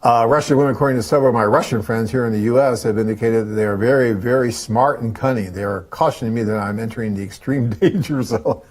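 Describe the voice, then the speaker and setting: A man's voice: mid-range voice, fast talker, few pauses, a little mellow. A man, hosting a live webcast in an enthusiastic, rambling, chatty way. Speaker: host and company head. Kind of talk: casual live webcast talk.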